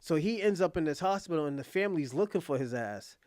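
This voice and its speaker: A man streams from home, rambling through a retelling of a drama in slangy, profane language full of fillers. His fairly high voice is animated, quick, and a little mellow, with dry, studio-quality sound.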